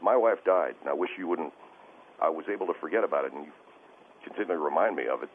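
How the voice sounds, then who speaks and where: A man calls into a radio show, his voice sitting remarkably low. He stammers and restarts, sounding distressed. The sound is thin and phone-like, with a light hiss underneath. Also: fast talker. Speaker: caller. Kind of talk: call-in radio conversation. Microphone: telephone. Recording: tinny phone line with faint hiss.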